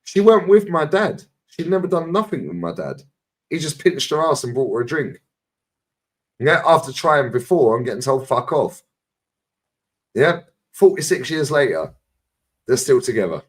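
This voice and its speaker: A man's voice: on the high side, very animated, normal speed. A man with a London accent, telling stories and ranting bluntly in a casual podcast chat, full of swearing. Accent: London English. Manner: blunt, swearing, storytelling with acted quotes.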